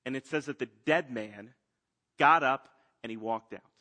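A man preaching a sermon, swinging between loud emphatic lines and hushed ones. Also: medium pitch, unhurried. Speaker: pastor.

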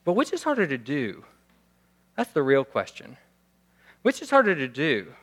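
A slightly high-voiced male pastor with huge pitch swings preaches conversationally at normal speed, dramatizing little scenes in a raised voice.

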